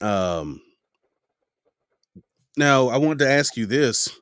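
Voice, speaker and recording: A man hosting a podcast, asking questions in a relaxed, chatty way with casual slang. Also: fairly low pitch, a little slow, pauses often, no echo, clean studio sound. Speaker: podcast host. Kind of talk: casual interview conversation.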